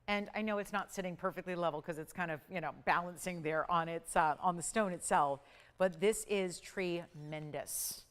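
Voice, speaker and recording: A woman hosting a live jewelry shopping show, pitching pieces and counting prices down in an upbeat sales patter. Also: normal speed. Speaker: shopping channel host. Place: TV studio.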